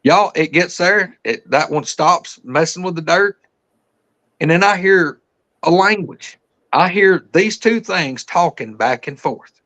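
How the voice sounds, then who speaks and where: Excited man telling a story. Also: high-pitched, measured pace. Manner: excited, breathless retelling full of fillers. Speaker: podcast guest. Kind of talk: casual storytelling.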